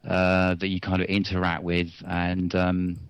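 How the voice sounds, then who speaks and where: Male caller, low voice, apologetic, unsure, heard over a distant dry line. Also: monotone, a little slow, smooth, no room sound.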